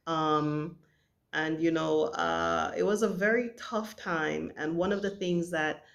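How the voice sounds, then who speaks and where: A middle-aged woman from Jamaica telling a personal family story in an earnest, halting way with many pauses. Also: low-pitched, creaky. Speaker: vlogger.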